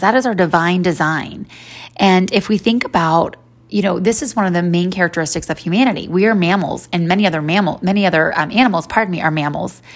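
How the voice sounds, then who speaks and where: A woman in her forties giving a faith-based personal talk in a conversational way, with many "you know" fillers. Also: on the low side. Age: 40s.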